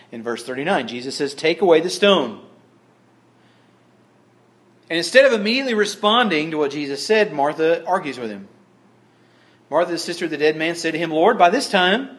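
A middle-aged man preaching a sermon in a conversational way, with dry humorous asides. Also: fairly high pitch. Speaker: pastor.

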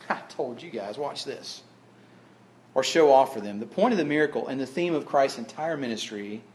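Pastor preaching, higher-pitched man, folksy, drops to a hush then booms. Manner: folksy, repeats phrases for emphasis; swings between hushed tones and loud declarations. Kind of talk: sermon.

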